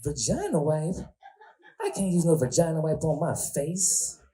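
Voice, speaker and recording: A woman's voice: low-pitched, sing-song, measured pace, dark tone, pitched above the performer's own voice. A man voicing a sweet-voiced young woman cousin who is fussy about her face, prim and indignant.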